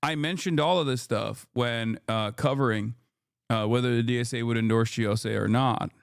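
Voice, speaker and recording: A man's voice: medium pitch, fairly even intonation, moderate pace, vocal fry, clean tone, no echo, studio quality. A man streaming, commenting on news clips in a casual, sarcastic way.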